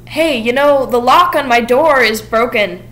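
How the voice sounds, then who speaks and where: A woman quickly quoting a young woman with a scarred face in her own casual voice. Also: on the high side, a bit bright, pitched above the performer's own voice, low-quality recording. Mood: teasing.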